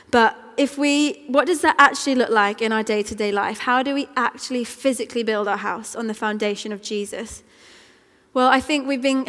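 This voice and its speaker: A woman's voice: on the high side, a bit bright. A woman, giving a conversational, earnest sermon. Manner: earnest and conversational, with small restarts. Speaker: preacher. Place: church. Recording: long church reverb.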